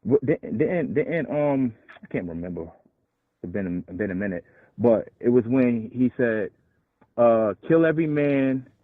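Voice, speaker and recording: A man with a husky voice argues his point in a loose, halting way, often restarting and slowing down to recite scripture. The sound is dry and tinny, as if it came over a phone line. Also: on the low side, expressive, no echo. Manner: argumentative, halting, restarts and slows to quote scripture. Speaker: call-in show host. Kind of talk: casual debate.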